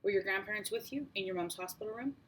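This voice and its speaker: A woman voicing a friendly male police sergeant who questions a girl in a calm, gentle way. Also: mid-range voice, fast talker, distant mic, slight background noise, close to an everyday voice, rough recording. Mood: gentle questioning.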